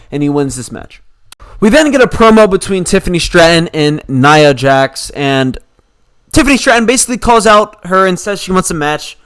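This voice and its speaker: A man's voice: on the high side, fairly bright tone, clean tone. A man casually recapping a wrestling show, opinionated and rambling, with lots of fillers.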